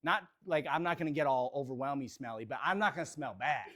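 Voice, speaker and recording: A man's voice: medium pitch, expressive, fast, a bit bright. A man leading a live real estate training session, speaking energetically and motivationally straight to the audience.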